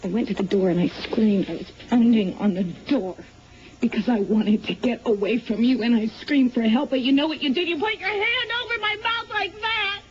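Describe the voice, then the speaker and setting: Actress doing a raging soap heroine, high voice, muffled TV sound, faint hiss. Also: female voice, normal speed, natural voice. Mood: furious. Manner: accusing, intense, repeated demands. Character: woman furiously confronting the man who assaulted her. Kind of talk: soap opera drama scene. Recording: dull muffled TV clip with faint noise.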